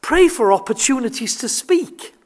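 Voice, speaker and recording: A man's voice: extremely high pitch, expressive, moderate pace. Older man preaching; earnest, emphatic, stumbles and restarts as he presses his point. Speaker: visiting preacher. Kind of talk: sermon.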